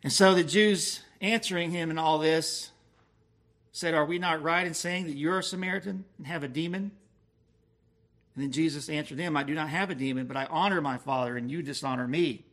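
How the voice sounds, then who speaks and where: A man preaching an expository sermon, slowing down to stress key words. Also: on the high side, a bit bright. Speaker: pastor.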